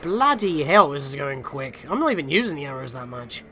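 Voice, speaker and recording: A man's voice: on the high side, very animated, brisk, sharp tone. A man hosting a gaming channel, giving chatty, self-deprecating let's play commentary and reacting with surprise.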